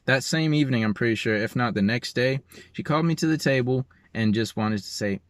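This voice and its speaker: A young man casually telling a personal story in an emotional, animated way with slangy, informal speech. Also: mid-range voice, a little fast, dry recording, clean studio sound.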